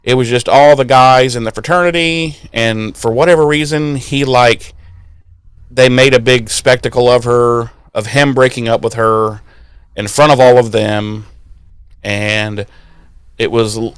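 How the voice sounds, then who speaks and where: Clear-voiced man recapping with animated storytelling. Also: mid-range voice, unhurried, dry recording. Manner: animated storytelling, swears freely, acts out lines. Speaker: podcast co-host. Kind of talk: casual episode recap.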